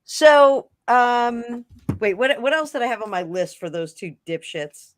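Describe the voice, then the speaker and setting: A woman's voice: a little high, expressive, measured pace, a little hiss or hum. A woman co-hosting a live tarot stream, joking and irreverent in casual chat. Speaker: tarot reader co-host.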